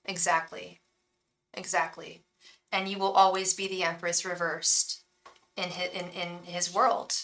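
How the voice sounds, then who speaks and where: A woman's voice: lowish voice, level tone, a little slow, a bit bright, far from the mic, rough recording. A woman giving a live-streamed tarot reading, talking in a frank, chatty way and swearing casually. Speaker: tarot reader and psychic.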